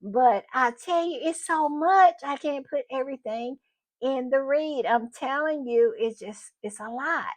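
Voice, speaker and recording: A woman hosts her channel in an easy, chatty way. Her voice sits high, and she takes her time, stretching out phrases and repeating her thanks with warm emphasis. The delivery is effusive and unhurried. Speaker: channel host. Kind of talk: casual chat.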